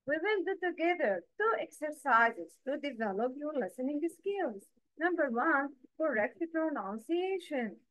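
Slow high-voiced woman teaching. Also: sing-song, fairly bright tone. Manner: patient, asks listeners to repeat after her; counts and quizzes listeners directly. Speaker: Quran recitation teacher. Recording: dull, lo-fi dry recording.

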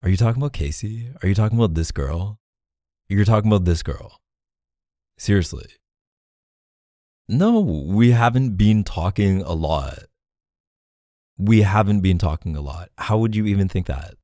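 A man's voice: low voice, animated, moderate pace, long pauses, dark tone, no echo, studio quality. A man voicing a defensive boyfriend in a jealous argument, in a whispered role-play, pleading and flustered, sighing often.

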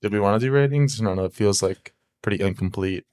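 A man's voice: fairly low pitch, quick pace, darkish tone. A man co-hosting a podcast, making short, dry remarks in casual chat. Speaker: podcast co-host.

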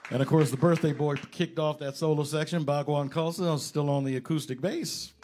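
A man's voice: a little high, steady tone, fairly quick, darkish tone, a little hiss or hum. Male jazz bandleader, loose stage talk at the microphone, joking, lots of ums. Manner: rambling, joking, with many fillers. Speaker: bandleader and pianist introducing songs. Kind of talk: casual stage banter between songs.

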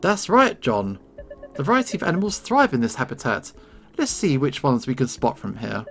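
A man's voice: medium pitch, wildly swooping pitch, normal speed, creaky, fairly bright tone, faint music behind, exaggerated voice. A man voicing an awkward, fussy female schoolteacher who talks in an overly cheerful, lilting way. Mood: chirpy.

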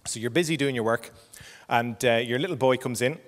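A middle-aged Irish psychologist giving a parenting talk, explaining patiently and checking in with frequent "okay?". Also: male voice, medium pitch, fairly quick, long reverb tail. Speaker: clinical psychologist.

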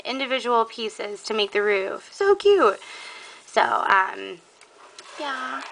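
A young woman in a casual show-and-tell vlog, gushing excitedly over a handmade scrapbook with lots of "um"s. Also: mid-range voice, slight background noise, rough recording. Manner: gushing, excitable, many fillers. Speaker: scrapbooking vlogger.

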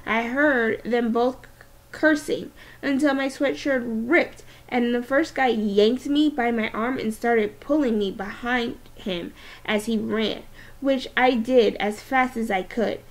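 Teacher reading aloud with small restarts. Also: female voice, fairly high pitch, slow.

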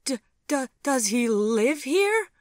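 A woman voicing a frantic grown daughter who shrieks and panics in a high, loud voice in a storybook reading. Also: very animated, slow, no room sound, clean studio sound, full character voice. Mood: fearful.

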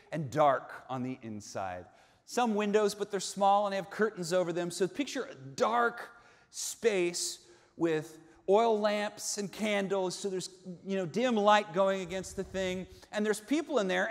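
In a large church sanctuary, a male pastor with a high voice preaches a sermon like a vivid storyteller, shifting between hushed tones and shouting. The recording carries the long reverb of the big space.

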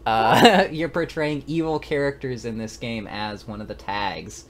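A man's voice: medium pitch, measured pace. A man running a tabletop game as game master, chatty, with frequent laughter and filler words. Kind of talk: narrating a tabletop game stream.

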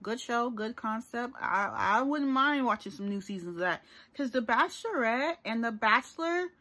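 A woman's voice: fairly high pitch, animated, normal speed, sharp tone. A young woman talking casually to her viewers in a rambling, chatty vlog. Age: young adult. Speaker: YouTuber.

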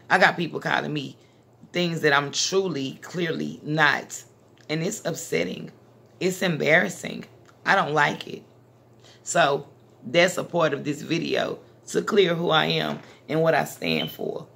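With a low, gravelly voice that is fairly bright and has a breathy edge, a Dallas, Texas woman hosts a casual talk conversation on her channel. She comes across as blunt and emphatic, with a street-talking manner.

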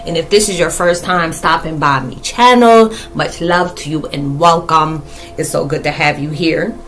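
Playful rambling woman vlogger, low voice. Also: moderate pace, fairly bright tone. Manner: rambling, playful, laughs often. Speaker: spiritual vlogger. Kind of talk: casual spiritual vlog chat.

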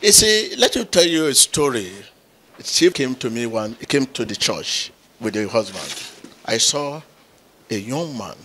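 A pastor, a middle-aged man, is addressing his congregation. He tells a story with lively swings and bursts of loud exclamation. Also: medium pitch, unhurried. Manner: animated storyteller who acts out quotes with sudden loud exclamations. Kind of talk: preaching, telling a story to a congregation.

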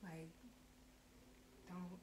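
A young woman telling a storytime, animated, blunt and full of profanity. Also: on the low side, drawn-out words, very noisy. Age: young adult. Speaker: vlogger and lash tech. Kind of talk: storytime monologue. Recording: echoey room.

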